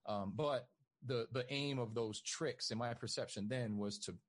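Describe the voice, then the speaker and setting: A man's voice: medium pitch, measured pace. Man telling stories with a laugh. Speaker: podcast guest. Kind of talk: casual conversational storytelling.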